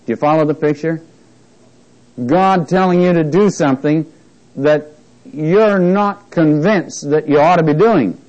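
Male Bible teacher leading a chatty class; drawn-out scripture reading, playful asides. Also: on the high side, a little mellow, highs cut off. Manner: reads scripture slowly with emphasis, jokes with class. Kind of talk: interactive Bible lesson.

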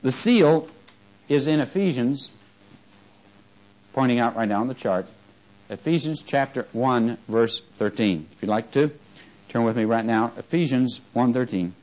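A man's voice: measured pace, long pauses, dull audio. Male preacher in the pulpit, fervent, call-and-response questioning. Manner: swings from fervent rising emphasis to low quiet asides, asks the congregation questions. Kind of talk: sermon.

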